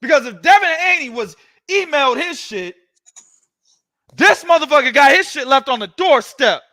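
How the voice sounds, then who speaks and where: A man hosting a boxing podcast, giving heated, profane, loud ranting commentary. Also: very high-pitched, animated, normal speed.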